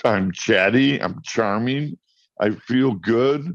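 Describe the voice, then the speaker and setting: A man chatting as a guest on a talk show, telling stories in an animated way and often restarting his sentences. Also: medium pitch, slow, muffled recording. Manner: storytelling, animated, repeats words when starting. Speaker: guest, cannabis grower. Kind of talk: casual talk show chat.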